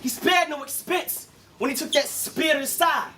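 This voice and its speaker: A man's voice: extremely high pitch, normal speed, sharp tone, slight background noise. A man performing Christian battle rap live before an audience, with a rhythmic, preachy, punchline-driven delivery. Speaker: battle rapper.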